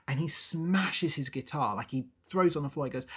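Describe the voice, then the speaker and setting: Casting: woman, podcast co-host, lively retelling with quoted lines. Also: extremely low pitch, brisk, hardly any pauses, breathy edge. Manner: animated storytelling, acting out characters' lines. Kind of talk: casual chat about a musical.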